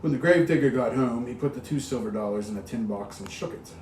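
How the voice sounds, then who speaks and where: A man's voice: medium pitch, quick pace, darkish tone. A man reading a ghost story aloud, dramatic and full of sound-effect words. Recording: roomy, distant mic with faint hiss.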